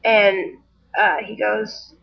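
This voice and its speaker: A young woman telling a story in a casual vlog, chatty and animated, acting out the people she quotes. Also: medium pitch, extremely slow, vocal fry, lo-fi sound, slight background noise.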